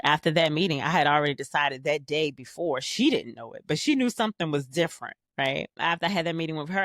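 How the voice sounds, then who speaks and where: A woman's voice: low-pitched, fairly bright tone, dry recording, studio quality. Woman candidly sharing a personal story. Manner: candid, storytelling, many restarts and "right?". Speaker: podcast host. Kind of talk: casual solo podcast chat.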